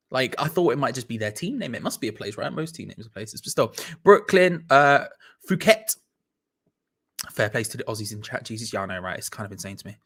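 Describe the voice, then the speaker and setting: A man's voice: medium pitch, a bit bright. A young man from England hosting a live football watch-along, chatting casually as he reads out viewers' messages, rambling and self-mocking with restarts and playful asides.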